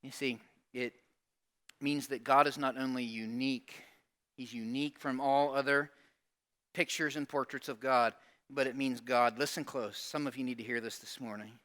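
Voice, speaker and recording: Male pastor, bright and forceful tone, animated sermon delivery in church. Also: mid-range voice, normal speed. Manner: animated preaching, acting out quoted voices, asking the congregation questions.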